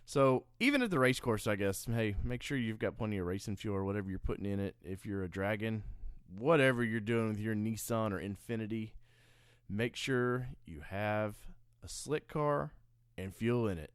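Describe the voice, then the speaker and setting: A man's voice: lowish voice, expressive, normal speed, clean tone, no room sound, clean studio sound. A man hosting an off-road podcast on the road, rambling in casual, self-mocking chat. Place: on the road and on the trails.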